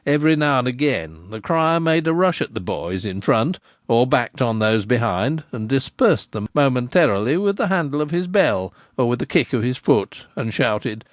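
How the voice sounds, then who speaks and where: A man reading a novel aloud with expressive storytelling narration. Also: mid-range voice, normal speed, few pauses, no echo, clean studio sound. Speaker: audiobook narrator. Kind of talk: scripted narration.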